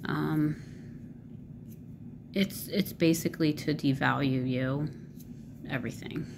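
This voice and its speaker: A woman's voice: sits low, steady tone, takes it slowly, creaky, background noise. A woman vlogger talking casually to camera, rambling with many fillers and swearing freely.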